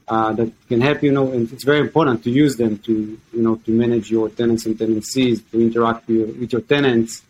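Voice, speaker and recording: A man's voice: mid-range voice, rough recording. A man hosting a podcast, speaking hesitantly and searching for his words. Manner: hesitant, many fillers and restarts, searching for words. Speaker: podcast host. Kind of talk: casual podcast chat.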